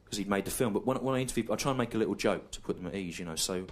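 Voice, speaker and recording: Deep-voiced deadpan male stand-up comic. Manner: deadpan, digressive, deliberately repetitive. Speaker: stand-up comedian. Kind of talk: stand-up comedy routine. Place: comedy stage before a live audience. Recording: live recording with clear background noise.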